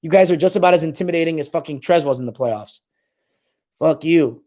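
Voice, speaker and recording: A man's voice: a little high, fairly quick, darkish tone. A young man hosting a casual live stream, reading comments aloud and trash-talking his viewers.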